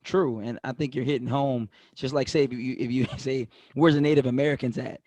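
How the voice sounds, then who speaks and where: A man's voice: mid-range voice, steady tone, brisk, darkish tone, no room sound. Male talk-show host, dry and close. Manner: rambling, restarts, emphatic. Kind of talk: conversational interview.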